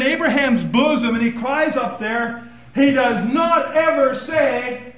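A man delivers a sermon with a high, bright, forceful voice. He drops to hushed, low stretches and then rises into loud, emphatic bursts. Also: measured pace, roomy sound, rough recording. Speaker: preacher.

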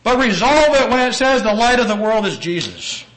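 A man preaching a sermon-style lecture, earnest and emphatic, with sudden rises in pitch and volume and some slowed, stressed phrases. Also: sing-song, fairly bright tone, poor audio.

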